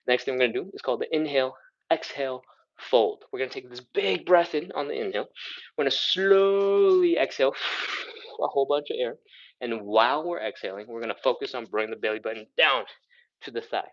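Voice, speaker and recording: A man's voice: medium pitch, a little fast, muffled recording. Upbeat man coaching a stretch class. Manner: upbeat coaching, counting reps aloud, breathing audibly while stretching. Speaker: stretching instructor. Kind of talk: live workout instruction.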